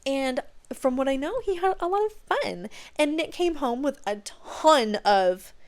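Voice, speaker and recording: A young adult woman hosting a podcast, telling stories in a gushing, excitable way with casual swearing. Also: sits high, unhurried. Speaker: podcast host. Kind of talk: casual chat.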